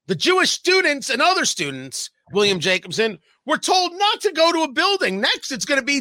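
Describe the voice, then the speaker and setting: Guy hosting talk radio, high bright voice, dry close sound, pushes every point hard. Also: sing-song, no room sound. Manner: emphatic, reads statements aloud with pointed pauses. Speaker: radio show host.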